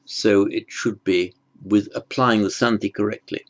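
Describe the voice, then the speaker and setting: A man teaching Sanskrit grammar in an online lesson, explaining slowly and carefully and correcting himself as he goes. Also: fairly low pitch.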